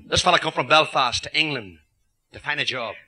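A man's voice: a little high, a little fast, bright, forceful tone, a little hiss or hum. An Irish man telling jokes to a live club audience in cheeky storytelling patter. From Ireland. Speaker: club comedian. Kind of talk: live stand-up joke telling. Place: social club function room, live audience.

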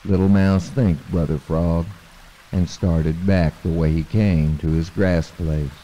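A man narrates an animal tale slowly, in a deep and measured voice. His tone is mellow and reflective. A long hall reverb lingers behind him. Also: steady tone, highs cut off, a little hiss or hum. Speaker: storyteller. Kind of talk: storytelling narration.

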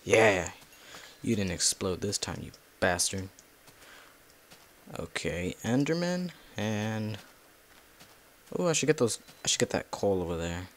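A man's voice: on the low side, very animated, slow, long pauses, a little hiss or hum. A man giving casual, rambling commentary while playing a video game, talking to himself and cussing at the monsters. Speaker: gameplay video creator.

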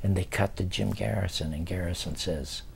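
A man's voice: deep voice, steady tone, normal speed, gravelly, husky. An older man in a casual interview, telling stories about his past and animatedly acting out old conversations. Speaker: interview guest recounting his TV career.

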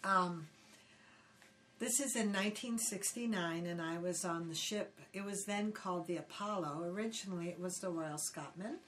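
An older woman from Hawaii, casually telling animated stories in an interview and acting out quoted voices. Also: on the low side, normal speed. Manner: animated, acts out quotes loudly, laughs often. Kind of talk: casual storytelling. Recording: voice somewhat distant from the mic.

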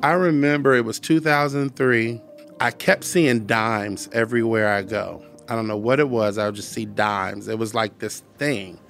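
A man's voice: mid-range voice, gravelly, fairly bright tone. Earnest man telling his testimony. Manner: earnest, repeats phrases for emphasis; preacherly, quotes scripture. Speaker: podcast guest. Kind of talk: personal testimony storytelling.

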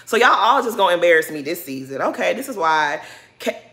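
A woman's voice: lowish voice, big pitch swings, a little fast, fairly bright tone. Sassy, blunt woman recapping a show. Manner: colloquial slang-heavy talk. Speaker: reality TV recap vlogger. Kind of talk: casual episode recap commentary.

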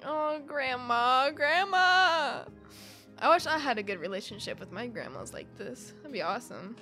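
A woman's voice: mid-range voice, big pitch swings, fast, sharp tone, soft background music. A woman YouTuber reading a webcomic aloud and reacting to it, bubbly and gushing, with frequent giggles.

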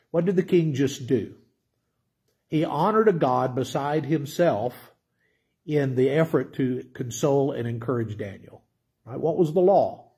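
A man's voice: medium pitch, lively intonation, unhurried, warm tone, breathy edge. A middle-aged man giving a conversational Bible teaching sermon, often asking his listeners questions. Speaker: pastor.

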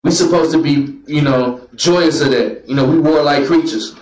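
A man's voice: a little high, normal speed, darkish tone, slight background noise. A man teaching the Bible to a class, calling out verses for a reader and joking with the group. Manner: calls out commands to a reader, jokes with the crowd. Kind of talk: preaching lesson to a class. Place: meeting room with a group. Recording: roomy echo.

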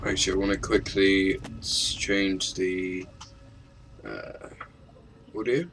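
A man's voice: low-pitched, level tone, slow, fairly bright tone, a little hiss or hum, rough recording. A man giving casual let's-play commentary as a gaming YouTuber, rambling and self-mocking in an offhand way.

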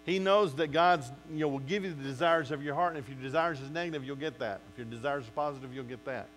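Animated preacher man, slightly high voice. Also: fast talker, slight background noise, low-quality recording. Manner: animated preaching with acted-out quotes. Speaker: pastor. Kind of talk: sermon.

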